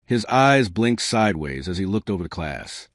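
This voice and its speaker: A man narrating a science fiction story with steady, scripted delivery. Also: deep voice, normal speed, no room sound, clean studio sound.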